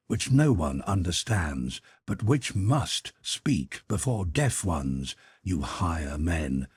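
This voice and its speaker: Slow, husky-voiced male audiobook narrator. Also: low voice, darkish tone, no echo. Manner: slow, declamatory delivery with dips into whispers. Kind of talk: dramatic audiobook reading of philosophy.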